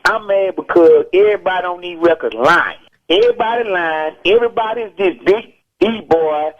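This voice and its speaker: A high-voiced man lays out his views in an emphatic, preachy way, circling back to the same points again and again. He's calling in to a radio show, and his voice comes through a dull, muffled phone line. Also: lively intonation, normal speed. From Texas. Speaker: rapper interviewed as phone-in guest. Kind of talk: heated radio call-in interview. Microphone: telephone.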